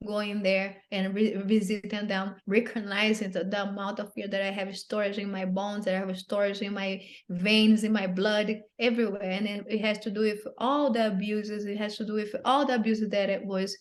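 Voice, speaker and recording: An interview guest shares her personal story in a medium-pitched voice that barely rises or falls. Earnest and hesitant, she keeps repeating and restarting phrases, using non-native English grammar.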